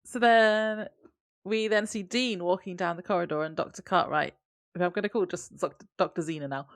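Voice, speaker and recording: A woman's voice: on the low side, a little fast, no room sound. A woman co-hosting a podcast, chatting casually about a TV episode and laughing often. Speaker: podcast co-host. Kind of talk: casual TV episode recap chat.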